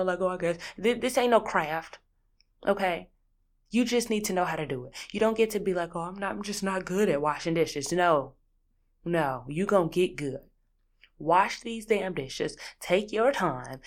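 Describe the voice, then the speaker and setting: A woman hosting a casual solo podcast, ranting in an animated, sassy, exasperated way. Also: fairly low pitch. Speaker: podcast host.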